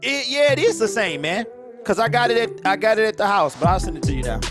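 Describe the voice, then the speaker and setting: A man's voice: high-pitched, lively intonation, quick pace. A man hosting a live-stream watch party, chatting casually and joking with viewers by name. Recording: loud hip hop music playing over voice.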